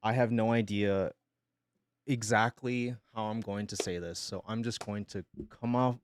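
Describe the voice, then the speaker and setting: A male streamer, sick with pneumonia, making an emotional announcement in a halting, hesitant way and holding back tears. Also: fairly low pitch, steady tone, a little hiss or hum.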